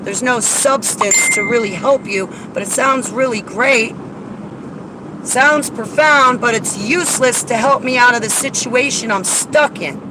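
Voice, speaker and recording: Woman ranting bluntly by her car, argumentative, loud street traffic behind. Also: on the high side, normal speed, few pauses. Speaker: vlogger. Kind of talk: casual venting vlog. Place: in and around a car outdoors. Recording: outdoor traffic noise.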